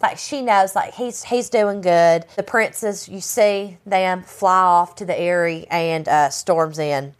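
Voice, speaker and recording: A woman's voice: fairly low pitch, takes it slowly, hardly any pauses. A woman co-hosting a podcast, casually retelling a TV episode with lots of fillers. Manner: chatty, filler-heavy, retelling scenes. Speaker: podcast co-host. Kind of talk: casual recap chat.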